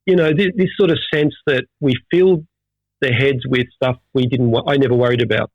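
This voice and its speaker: A middle-aged Australian man, a veteran firefighter, talking in an animated storytelling way with many restarts in a casual interview. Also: medium pitch, fairly quick, dry recording. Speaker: firefighter guest. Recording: dull dry audio.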